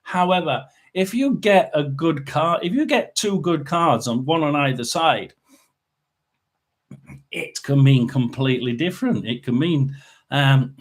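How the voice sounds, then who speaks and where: A man's voice: on the high side, expressive, a little slow, low-quality recording. Chatty man hosting a livestream. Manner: rambling, chatty, reads out viewer names. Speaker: psychic livestream host. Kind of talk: casual livestream chat.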